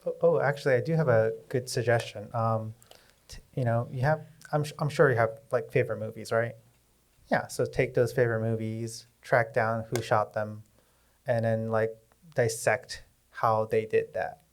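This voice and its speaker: A man on a cinematography panel, giving eager advice with halting restarts. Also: mid-range voice, steady tone. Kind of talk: casual panel talk.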